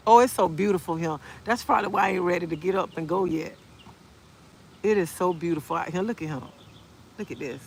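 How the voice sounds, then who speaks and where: Outspoken gravelly woman. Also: on the low side, a little fast, a little hiss or hum. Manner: outspoken, animated; answers viewer comments. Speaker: livestreamer. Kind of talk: casual live-stream chat. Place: outdoor park.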